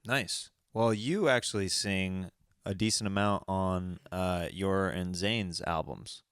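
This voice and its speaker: A man's voice: low voice, steady tone, takes it slowly, fairly bright tone, clean tone, no room sound, clean studio sound. A male podcast host chatting casually, prompting a guest with upbeat questions. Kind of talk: casual interview chat.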